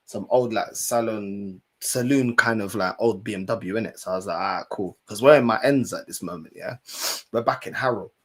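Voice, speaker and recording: Man, young adult, casual storytelling, slang, animated. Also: on the low side, moderate pace, few pauses. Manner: animated, slangy, swears, repeats himself. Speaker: streamer and fan channel host.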